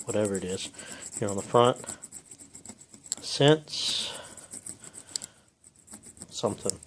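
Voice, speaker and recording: A man's voice: on the low side, takes it slowly, pauses often, a little hiss or hum. A man, rambling in a folksy way with lots of ums while he films a repair in his home garage. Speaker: home mechanic filming a repair. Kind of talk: casual how-to vlog.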